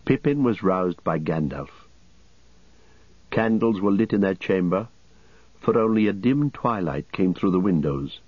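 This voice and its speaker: A male narrator reading an audiobook in a low, husky voice at a steady, measured pace. The recording is dry and close, with a slightly dull sound. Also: no room sound. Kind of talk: scripted narration.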